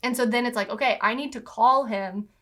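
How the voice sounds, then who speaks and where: A woman's voice: a little high, brisk, a bit bright. A woman co-hosting a podcast, chatting casually with her husband and leaning on "like" fillers. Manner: chatty, heavy use of "like" fillers. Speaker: podcast co-host.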